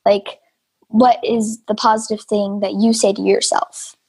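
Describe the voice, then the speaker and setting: A woman interviewing a father and son, asking gentle, encouraging questions in a casual chat. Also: mid-range voice, flat delivery, a little slow, slightly rough.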